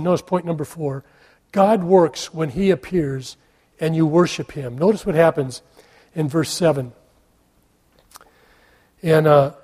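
A man preaching a storytelling sermon. His voice sits fairly high but sounds mellow and slightly husky. He drops to near-whispers, then rises into loud, emphatic questions. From United States. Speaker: pastor.

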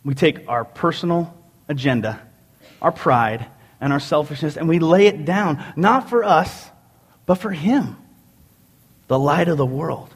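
A man preaching a sermon in an animated, joking storytelling way. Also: a little high, a little slow, pauses often, breathy edge. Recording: long hall reverb.

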